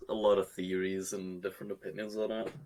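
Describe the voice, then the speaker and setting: A man's voice: low voice, little pitch movement, fairly quick, darkish tone. A man joining a casual group chat as a guest, hedging and rambling through his points.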